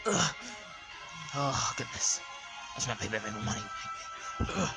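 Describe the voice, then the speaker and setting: A man's voice: mid-range voice, animated, a little slow. A man making up a plush skit as he goes, rambling and stammering with many fillers. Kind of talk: improvised plush skit narration. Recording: music playing under voice. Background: background music.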